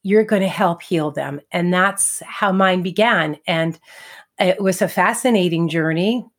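A woman's voice: lowish voice, unhurried. A middle-aged woman co-hosting a podcast, telling a personal story in a chatty, casual way, acting out what people said. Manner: chatty, laughs between thoughts, acts out quotes. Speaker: podcast co-host and medium.

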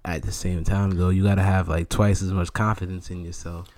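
Brief: young New York producer, relaxed and slangy, a touch low in pitch. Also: male voice, fairly quick. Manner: laid-back, slangy, laughs easily. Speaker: music producer guest. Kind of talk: casual podcast chat.

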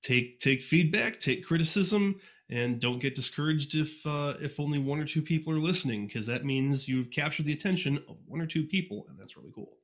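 Brisk and fairly high-pitched, a man who reviews fan fiction talks as a guest on a casual podcast. In this interview he rambles, jokes about himself, and often fills or restarts his sentences.

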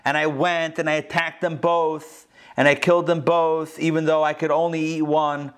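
A man's voice: on the high side, level tone, moderate pace, fairly bright tone, clean tone, natural voice. A man voicing a hungry male wolf who confesses a killing in a plain, regretful tone.

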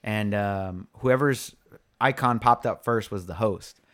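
A man's voice: fairly low pitch, slow pace. A man chatting casually and telling a story, swearing often and acting out what other people said. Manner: swears a lot, animated storytelling with acted-out quotes. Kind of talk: casual chat.

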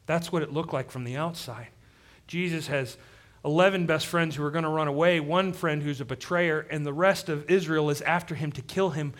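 A man's voice: on the high side, moderate pace. Man preaching a dynamic sermon. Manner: dynamic preaching, drops to quiet emphasis. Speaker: pastor.

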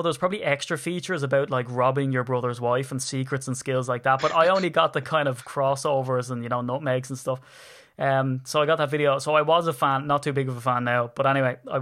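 A man's voice: mid-range voice, a bit bright. A man with an Irish accent, hosting a podcast in rambling, jokey casual chat. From Ireland. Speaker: podcast host.

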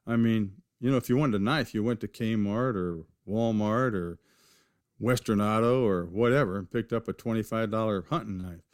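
A man from California sits for a casual interview and tells long stories about his start as a knifemaker. His voice sits low and sounds dry and close. He rambles, circles back and restarts his sentences often. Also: normal speed, no echo. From California, USA. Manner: rambling, with many restarts and fillers. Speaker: knifemaker guest.

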